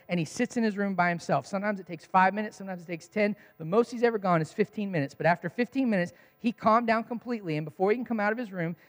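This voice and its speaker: A man's voice: high-pitched, long reverb tail. A man preaching a sermon in a conversational storytelling way, laughing at his own story.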